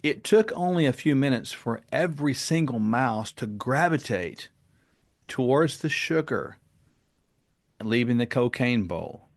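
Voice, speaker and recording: A man talking as a podcast guest, telling stories in an earnest and animated way. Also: medium pitch, unhurried. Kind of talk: casual interview talk and storytelling.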